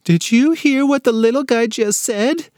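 A man's voice: very high-pitched, a little slow, darkish tone, dry recording, clean studio sound, voice pushed up. A man voicing a jolly uncle who gushes and giggles in a kids' storybook. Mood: delighted. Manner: gushing, giggly. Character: jolly uncle cracking up over a toddler.

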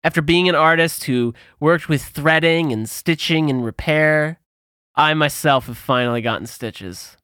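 This male podcast co-host has a fairly high, clean-toned voice and keeps a measured pace, recorded in studio quality without echo. He recounts a story in easygoing chat, animatedly voicing the people in it.

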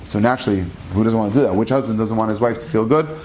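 A man telling a true-life story aloud in a lively storyteller's manner, acting out the characters. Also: on the low side, racing, a little hiss or hum. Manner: animated, acts out the characters' lines. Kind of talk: spoken storytelling.

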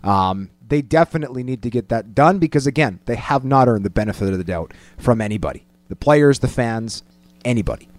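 A man co-hosting a casual sports talk show, opinionated and animated, mimicking quotes in a higher voice. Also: a little fast. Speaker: sports podcast co-host.

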